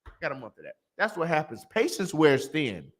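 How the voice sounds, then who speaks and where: A man's voice: on the high side, wildly swooping pitch, brisk. A man teaching a religious class in a blunt, emphatic, preachy way, repeating lines for effect.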